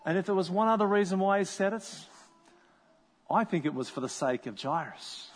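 A man's voice: high-pitched, animated, normal speed, long reverb tail. A man preaching a sermon, telling a story in a conversational way and acting out the people in it. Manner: conversational storytelling, acts out voices. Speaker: pastor.

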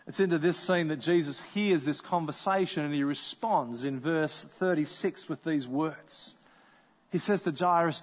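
A man's voice: a little high, moderate pace, in a large hall. A man preaching a sermon, telling a story in a conversational way and acting out the people in it. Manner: conversational storytelling, acts out voices. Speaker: pastor.

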